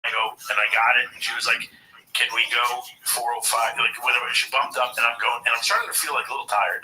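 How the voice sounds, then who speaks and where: A man's voice: mid-range voice, fast, a little hiss or hum, poor audio. A man in casual podcast chat, telling a story with energy and acting out what others said. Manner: animated storyteller acting out quotes.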